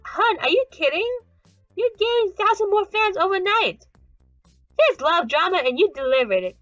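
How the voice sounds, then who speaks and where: A woman voicing a pushy female music manager who wants drama, with a high, gushing manner. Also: sing-song, moderate pace, fairly bright tone, no room sound, lo-fi sound, exaggerated voice.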